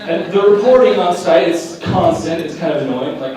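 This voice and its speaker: A man performing live stand-up comedy, animated and slipping into mock voices for his characters. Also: high voice, normal speed, hardly any pauses, slight background noise. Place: live venue with audience. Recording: echoey room, picked up from a distance.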